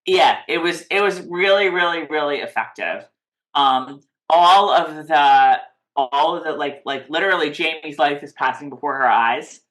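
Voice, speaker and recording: Bright-voiced woman recapping TV, rambling. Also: deep voice, normal speed. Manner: rambling, full of "like" and restarts. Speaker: podcast co-host. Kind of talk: casual TV recap chat.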